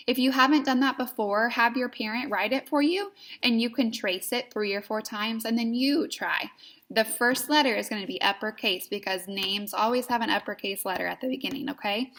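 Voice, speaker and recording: A woman teaching young children in a slow, clear, patient way, spelling words out letter by letter in a sing-song manner. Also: on the high side, a bit bright. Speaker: kindergarten teacher.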